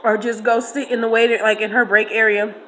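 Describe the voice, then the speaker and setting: Woman, 30s, AAVE speaker, bright high voice, lively casual storyteller. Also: a little fast, a little hiss or hum, rough recording. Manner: animated, laughing, slangy, talks to listeners directly. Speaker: storyteller host.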